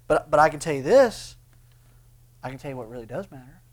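A man delivers an impassioned sermon. His voice leaps up on emphatic lines and sinks low and quiet when he presses a point. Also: lively intonation, fairly quick. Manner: impassioned preaching, swings between loud bursts and hushed lines. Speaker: pastor.

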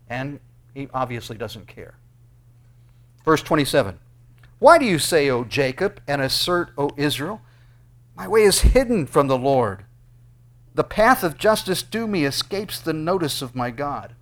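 A man's voice: a little high, very animated, measured pace, long pauses. Man preaching an earnest sermon. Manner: earnest preaching with rising emphatic bursts. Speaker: pastor.

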